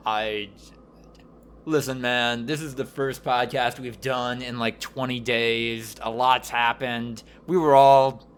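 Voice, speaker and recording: A man's voice: mid-range voice, steady tone, slow, a little hiss or hum. A man from rural Wisconsin hosting a casual podcast, opening with playful, theatrical introductions. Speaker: podcast host.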